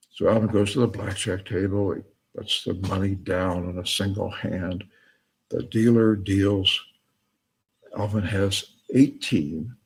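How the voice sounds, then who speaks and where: A man's voice: sits low, slightly rough. A man lecturing and telling a joke story, laughing at his own punchlines.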